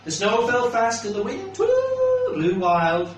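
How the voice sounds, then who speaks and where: A man reading a picture book aloud to children, animated and asking the child questions as he goes. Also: extremely high pitch, slow, noisy background. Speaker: storyteller. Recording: echoey room, mic far off.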